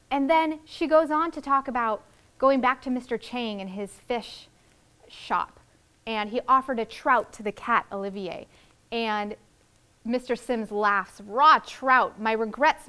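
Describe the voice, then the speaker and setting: Expressive woman teacher reading aloud. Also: a little high. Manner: expressive, explaining to young children. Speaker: second-grade teacher.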